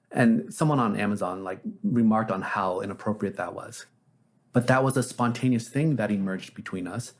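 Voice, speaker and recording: A man, a therapist, telling anecdotes as an interview guest in a casual, reflective way with frequent fillers. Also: fairly low pitch.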